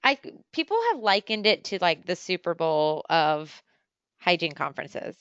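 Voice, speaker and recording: A woman hosting a casual podcast as a dental hygienist, chatty and teasing, often talking in quick bursts. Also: on the low side, lively intonation, fairly bright tone, clear, resonant tone, dry recording, muffled recording. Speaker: podcast host. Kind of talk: casual chat.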